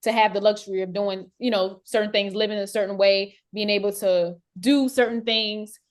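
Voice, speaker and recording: A woman's voice: mid-range voice, steady tone, normal speed. A woman hosting a casual conversation, affirming her guest, laughing easily and often restarting her sentences. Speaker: host and business owner.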